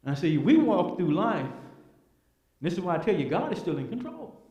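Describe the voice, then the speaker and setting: A man's voice: sits high, big pitch swings, moderate pace, mellow, highs cut off. A man teaching a church Bible class, preaching with emphatic repetition and rhetorical questions. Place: church hall. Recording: echoey church hall.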